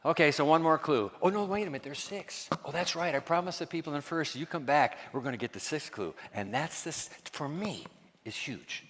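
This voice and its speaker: A man preaching a sermon as pastor, quizzing his congregation and dropping to hushed asides. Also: fairly high pitch, fairly quick, long reverb tail.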